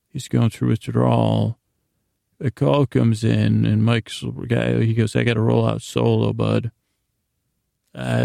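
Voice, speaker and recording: A man's voice: mid-range voice, gravelly, dark tone, dry recording, clean studio sound. A man hosting a podcast, casually retelling a TV episode in a loose storytelling way, full of "he goes" and "like" asides. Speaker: podcast host.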